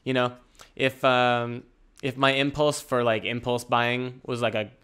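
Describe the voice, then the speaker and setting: A man's voice: medium pitch, flat delivery, unhurried, fairly bright tone, clear, resonant tone. Solo podcast host, male, rambling, jokey and laid-back, mid-range voice. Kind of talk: casual solo podcast monologue.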